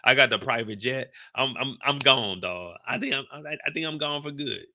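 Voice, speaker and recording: A man hosting a live after-show, talking in a loose, profane, animated way. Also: normal speed, slight background noise. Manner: animated, profane, swings into high exclaiming bursts. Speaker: show recap host.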